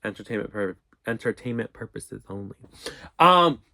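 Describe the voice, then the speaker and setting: A young man telling a storytime in a casual, profane, animated way, acting out what people said. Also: on the low side, moderate pace, creaky, dry recording. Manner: animated, profane, acts out quotes. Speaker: storyteller vlogger.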